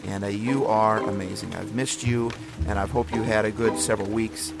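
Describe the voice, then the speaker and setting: A man's voice: fairly low pitch, fairly even intonation, normal speed, gravelly, over loud music. A man hosting a podcast, giving a casual devotional talk in an earnest, encouraging way that rambles and restarts often. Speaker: podcast host.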